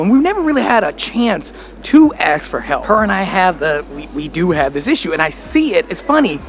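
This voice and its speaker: A man's voice: high voice, big pitch swings, a little fast, hardly any pauses, soft background music. An American man vlogging in a candid, reflective way, full of casual slang. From United States. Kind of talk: casual talk to camera.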